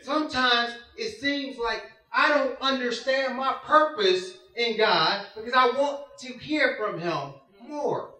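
Male preacher, high and bright, conversational and emphatic delivery, echoey hall, distant mic. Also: slow pace, few pauses. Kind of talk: sermon.

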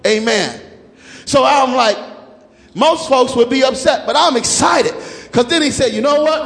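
Older male pastor, very high voice, shouting repetitive sermon cadence, echoing church hall. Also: measured pace, some chatter behind. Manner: shouting, rhythmic repetition, chanted phrases.

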